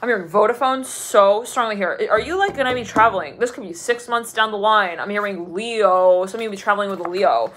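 A woman's voice: mid-range voice, fairly quick, few pauses, a bit bright. A woman giving a casual tarot reading, chatty and rambling, laughing often and filling her talk with loose asides. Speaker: tarot reader.

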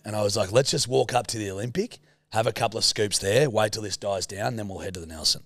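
A man's voice: lowish voice, a little fast, no room sound, studio quality. A young Australian man co-hosting a podcast, telling a rambling anecdote in casual chat and swearing a lot. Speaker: podcast co-host.

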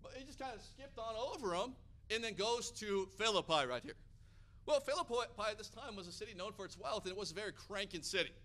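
An American man preaches with a high, ringing voice that is bright and cutting. He delivers the sermon with energy and often climbs to loud, emphatic peaks. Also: expressive, quick pace.

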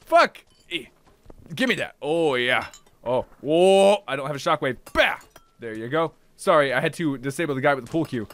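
A young man commentating his own game play, excitable, swearing and yelling at enemies. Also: a little high, normal speed. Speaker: gaming channel host.

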